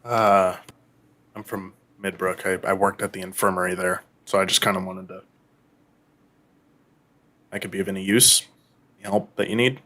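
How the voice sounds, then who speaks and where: Man, very low voice, hesitant tabletop player. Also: fairly even intonation, moderate pace, long pauses, bright, forceful tone. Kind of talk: tabletop game play.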